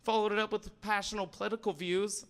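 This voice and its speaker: A young man performing a stand-up comedy set, animated and shouting punchlines. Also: sits high, fast, clear, resonant tone. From Sandpoint, Idaho. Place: stage in a library event hall.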